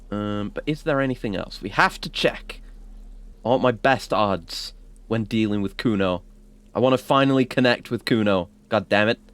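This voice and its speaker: A man's voice: lowish voice, no room sound. A man playing a video game and thinking aloud in casual, hesitant commentary. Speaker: gaming streamer. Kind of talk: casual let's-play commentary.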